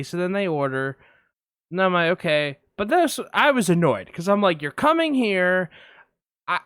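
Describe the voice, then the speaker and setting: Casual podcast co-host, man, bright and smooth tone, dry close mic, rambling storyteller. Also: fairly high pitch, no echo. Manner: rambling anecdote, many fillers. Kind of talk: casual film podcast chat.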